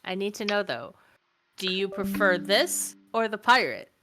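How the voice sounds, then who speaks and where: A woman's voice: medium pitch, expressive, unhurried. A woman co-hosting a casual stream chat, playful and teasing. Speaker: co-host.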